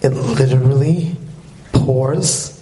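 A man giving an animated lecture on marriage as a religious teacher, telling stories and asking rhetorical questions. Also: mid-range voice, slow pace, a little hiss or hum.

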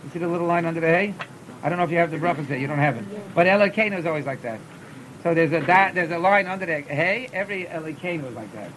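A man, teaching a class on chanting scripture. He stumbles and repeats words as he explains, and breaks into short chanted examples. A faint rumble hums under the recording. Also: racing, a bit bright, rough recording. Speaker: teacher of Torah cantillation. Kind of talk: classroom lesson.

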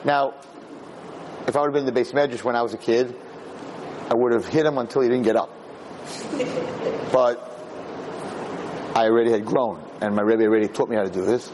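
A man, a rabbi, giving an informal Torah class, animated and rambling as he searches aloud for the right word. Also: mid-range voice, fairly quick, long pauses, background noise.

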